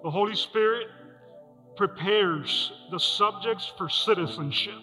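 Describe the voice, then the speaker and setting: In a church hall, a male pastor preaches a sermon to his congregation, asking them questions and repeating his key lines. His voice sits high, with a sharp tone and an unhurried pace. Music plays beneath a hall reverb.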